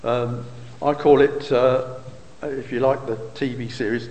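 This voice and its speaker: A man's voice: medium pitch, flat delivery, measured pace, darkish tone, a little hiss or hum. A man preaching a sermon, explaining scripture with rhetorical questions and occasional fillers. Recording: reverberant hall.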